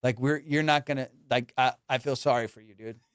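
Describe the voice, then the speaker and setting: A male comedian hosting a podcast, telling high school stories in a slangy, animated way and acting out the people in them. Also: fairly quick, smooth, dry recording, clean studio sound. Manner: slangy, animated, acts out quoted voices. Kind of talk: casual storytelling.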